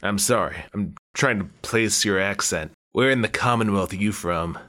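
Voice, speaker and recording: A man's voice: on the low side, moderate pace, pushed and bright. A man voicing a shrewd male underworld exam proctor who speaks in a dry, matter-of-fact, sly way.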